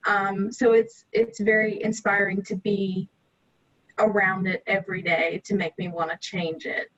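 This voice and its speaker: A young intern speaks casually and a little hesitantly on a video call. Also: female voice, mid-range voice, flat delivery, a little slow. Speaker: youth intern. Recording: dull lo-fi audio.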